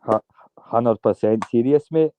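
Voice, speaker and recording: A man's voice: mid-range voice, measured pace, dark tone, slight background noise. A man calling in to a live fight stream, teasing and mocking in casual banter and swearing often. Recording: tinny phone line, dry.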